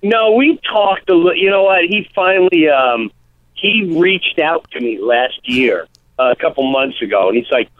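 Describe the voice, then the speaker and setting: A man calls in as a comedian guest, his higher voice squeezed into a tinny phone line with no room sound. He talks in a loose, rambling way and keeps breaking into short impressions of the people he describes. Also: no room sound. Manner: rambling, lively, slips into quick impressions of people. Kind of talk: casual interview chat.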